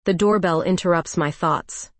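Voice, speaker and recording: A woman narrating a first-person romance story in a calm, even storytelling voice. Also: on the low side, normal speed, dry recording.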